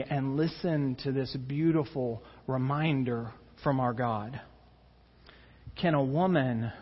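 Male pastor, slightly higher pitch, earnest sermon delivery, slow and deliberate. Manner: earnest preaching, rising with emphasis and dropping to soft intensity. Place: church sanctuary. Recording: dull reverberant church recording.

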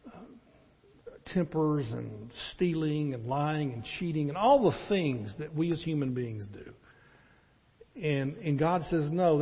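A pastor delivers a sermon in a husky, slightly high voice, rising to loud emphatic peaks and dropping to quiet stretches. The recording is dull and lo-fi. It carries the long reverb of a church sanctuary. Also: male voice.

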